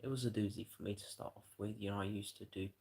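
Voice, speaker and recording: A British man with a fairly low, gravelly voice talks to his live stream in a loose, rambling way. He swears freely and keeps dropping in "you know" as he goes. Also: steady tone, fast talker, a little mellow, poor audio. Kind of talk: rambling casual livestream chat.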